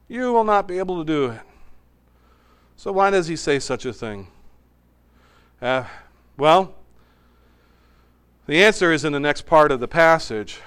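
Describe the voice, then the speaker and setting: A man preaching a sermon as pastor, swinging between emphatic raised passages and quiet, hushed asides. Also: on the high side, lively intonation, unhurried, pauses often, smooth.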